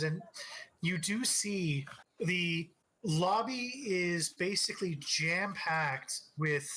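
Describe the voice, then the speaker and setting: Bright-voiced man running a tabletop game. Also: fairly high pitch, poor audio. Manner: halting, many restarts and fillers. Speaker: game master.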